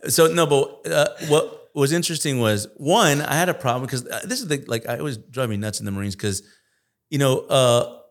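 A man hosting a casual podcast conversation, chatty and quick to laugh. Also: mid-range voice. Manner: chatty, laughs often, frequent fillers. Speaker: podcast host, Marine veteran.

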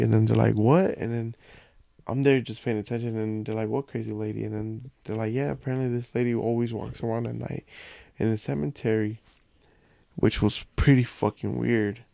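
A man's voice: medium pitch, creaky, mellow, no room sound. A young man from a Mexican family, a podcast guest telling rambling, profane anecdotes in casual chat.

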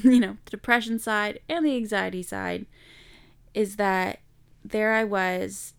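A young woman speaks slowly and candidly, reflecting on a painful personal time for her podcast listeners. Her voice is smooth and resonant, with a gravelly fry at the ends of phrases. She is unhurried and earnest. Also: mid-range voice. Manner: candid, reflective, slow and emotional. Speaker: podcast host. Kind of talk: personal storytelling monologue.

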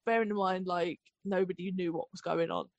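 A woman chatting as a podcast guest, giggly and quick to laugh. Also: lowish voice, fairly even intonation, no echo, muffled recording. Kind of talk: casual chat.

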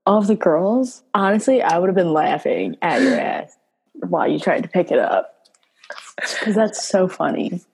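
A young woman with a gravelly, breathy voice co-hosts a casual podcast. Her pitch swings widely as she teases her co-host. She laughs often. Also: big pitch swings, moderate pace, a little mellow. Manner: teasing, laughs a lot. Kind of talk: casual chat.

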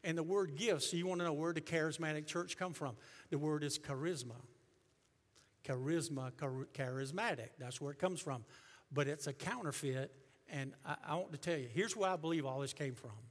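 A middle-aged male pastor preaching a sermon, emphatic, surging loud and then dropping low. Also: moderate pace. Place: church sanctuary. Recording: long reverb of a church hall.

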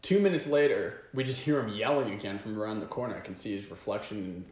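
A young man co-hosting a casual comedy podcast, a lively storyteller who does loud impressions. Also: on the low side, fast, roomy sound. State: hoarse from a lost voice. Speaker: podcast co-host.

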